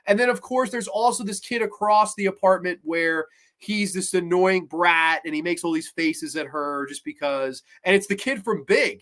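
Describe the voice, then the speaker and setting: Man, high voice, casual rambling review, profane, filler words, mimics characters. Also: sharp tone. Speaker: host reviewing horror episodes.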